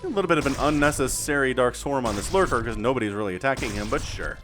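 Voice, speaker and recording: A man doing solo play-by-play commentary on a strategy game, excitable and talking straight to viewers and players. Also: mid-range voice, fast. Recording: music bed playing under the voice.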